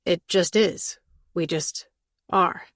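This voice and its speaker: A smug, ambitious young man, blunt and flat in his delivery, as a woman reading an audiobook voices him. He speaks low and matter-of-fact, and the recording is dry and close. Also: takes it slowly, no room sound. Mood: insistent.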